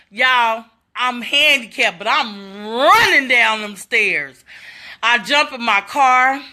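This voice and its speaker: Bright-voiced woman telling a story. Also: fairly high pitch. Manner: animated, addresses viewers as y'all. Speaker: vlogger telling a personal story. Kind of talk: casual storytelling to camera.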